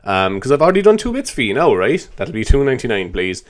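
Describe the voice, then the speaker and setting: A man rambling through an unscripted comedy monologue, self-mocking and quick to laugh. His pitch swings widely and often jumps high in the middle of a thought, though his voice sits at an ordinary male level. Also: big pitch swings. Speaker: comedy show host.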